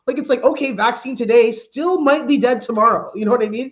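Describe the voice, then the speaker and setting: A woman from Canada doing a stand-up comedy set, brash and animated, acting out her own reactions. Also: fairly high pitch, fairly quick, few pauses, lo-fi sound.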